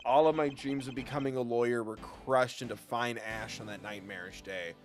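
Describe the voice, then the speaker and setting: A man reading aloud as a solemn young male prosecutor, in a low, measured, grave way. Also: steady tone, lightly acted. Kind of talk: reading game dialogue aloud.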